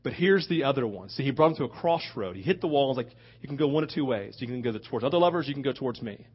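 A man preaching a sermon, switching between loud rhetorical questions and hushed asides. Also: mid-range voice, expressive, fast talker, husky. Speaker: pastor. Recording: dull lo-fi recording.

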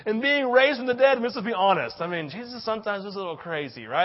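Animated older male preacher, high lively voice. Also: quick pace, dull audio. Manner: animated, acts out voices, many "right?" asides. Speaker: pastor. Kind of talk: sermon.

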